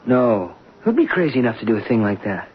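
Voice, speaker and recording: An anxious young stockbroker stammers as he defends himself. His husky, mid-pitched voice comes through a dull 1970s radio broadcast. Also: big pitch swings, a little fast. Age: young adult. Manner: nervous, stammering. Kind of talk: 1970s radio drama acting.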